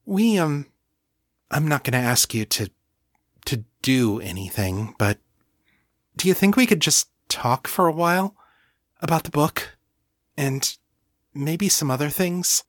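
A man voicing a shy, repressed young female agent who speaks softly and haltingly in an audiobook. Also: sits low, lively intonation, no room sound, clean studio sound, pitched above the performer's own voice. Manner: soft, hesitant, halting.

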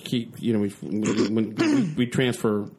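A man's voice: fairly low pitch, wildly swooping pitch, a little slow, mellow, husky. A middle-aged man co-hosting a podcast, chatting casually and rambling with lots of restarts. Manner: rambling, with many restarts and "you know what I'm saying". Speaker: co-host.

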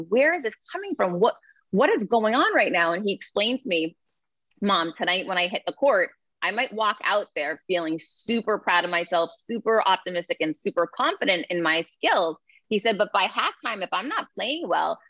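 Energetic middle-aged woman telling stories. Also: lowish voice, no echo, lo-fi sound. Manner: energetic, emphatic storyteller. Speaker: guest author and speaker. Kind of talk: interview conversation.

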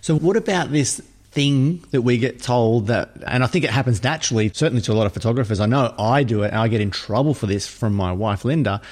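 A man hosting a podcast interview, asking long questions in a relaxed, conversational way. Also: medium pitch, quick pace. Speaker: podcast host.

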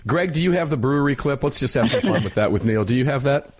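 Joking, energetic talk radio host man. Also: mid-range voice, fast talker. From United States. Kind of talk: casual talk radio chat. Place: home radio studio.

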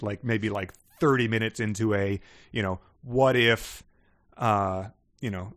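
A man co-hosting a comedy podcast, rambling and joking, laughing often, recording from his parents' house. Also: fairly low pitch. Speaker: podcast co-host. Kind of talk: casual comedic chat. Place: parents' house in North Carolina.

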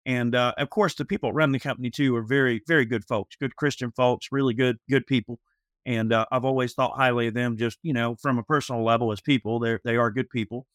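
A man co-hosting a casual panel show, explaining things at length in a measured, steady manner, padded with fillers. His voice sits at a middle pitch. The sound is dry and close to the mic. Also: no room sound. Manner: measured, drawn out with many "uh" and "you know". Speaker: podcast co-host.

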